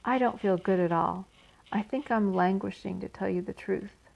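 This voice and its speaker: Woman reading as a weary female spider, quiet, soft-spoken, slight fry. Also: mid-range voice, moderate pace, muffled recording. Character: gentle aging female spider, weary and sad.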